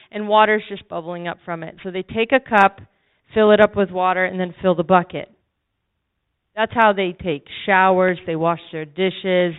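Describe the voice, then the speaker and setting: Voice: mid-range voice, smooth. Preacher telling a testimony, dull recording. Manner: storytelling with emphatic repetition. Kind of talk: sermon testimony.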